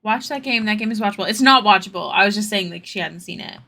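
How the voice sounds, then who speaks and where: A woman's voice: mid-range voice, fast talker, creaky, bright, forceful tone. A young woman streamer chatting casually with her viewers while she draws, answering their questions in rambling asides.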